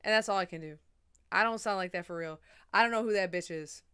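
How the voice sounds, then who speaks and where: Chatty young woman streamer, smooth voice. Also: medium pitch, fast talker, a bit bright. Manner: chatty, swears casually, rambling. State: a little drunk and high. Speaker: livestreamer. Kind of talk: casual livestream chat.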